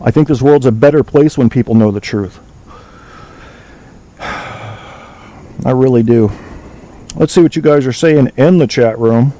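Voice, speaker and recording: A man's voice: medium pitch, dark tone, low-quality recording. A man hosting a talk podcast, lecturing bluntly and swearing freely, reading aloud from a web page now and then. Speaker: podcast host. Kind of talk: opinionated call-in show monologue.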